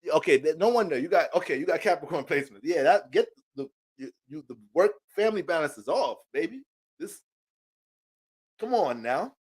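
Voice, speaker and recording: A young man giving a casual, profane, joking astrology reading in animated rants. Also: on the high side, a little fast, slightly rough. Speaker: astrology reader.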